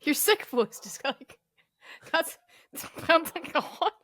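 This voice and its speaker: A woman's voice: sits high, expressive, slow pace, sharp tone. A woman co-hosting a podcast in casual chat, teasing and laughing with her partner. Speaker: podcast co-host.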